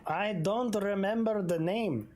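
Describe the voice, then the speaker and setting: Woman playing a male mechanic, halting broken English with Spanish words, game role. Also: mid-range voice, darkish tone. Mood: evasive.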